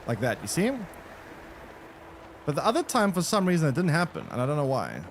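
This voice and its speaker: Lively rambling male game streamer. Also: on the high side, brisk, a little hiss or hum. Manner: rambling, thinks aloud with restarts. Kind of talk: live gameplay commentary to chat.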